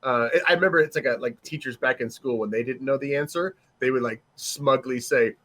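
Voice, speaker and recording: A man's voice: medium pitch, a little fast. A man on a game master panel, chatting casually and jokingly, with laughs between his points. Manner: joking, animated, laughs while talking.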